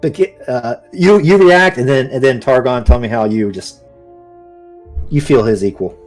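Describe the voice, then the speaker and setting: A man narrating as the game master of a tabletop fantasy game, describing the action in an animated way. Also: mid-range voice, normal speed, soft background music.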